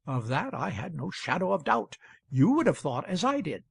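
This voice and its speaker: A man's voice: fairly high pitch, very animated, normal speed, gravelly, husky, dry recording, heavily acted. A man reading as an earnest townsman pleading his case. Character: male townsman defending himself before a hall. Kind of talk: audiobook reading.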